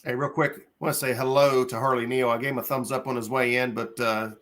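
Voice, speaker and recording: A man's voice: mid-range voice, level tone, quick pace, a bit bright. A man from Ohio hosting a casual fishing live stream chat, rambling with lots of ums and uhs and chuckling between thoughts. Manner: rambling, hesitant, lots of fillers. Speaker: host.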